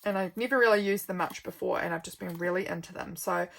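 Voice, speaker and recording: This young woman speaks fast in a lowish, fairly bright voice with vocal fry. Sleepy and friendly, she rambles through her journal in a casual vlog, breaking off for frequent yawns.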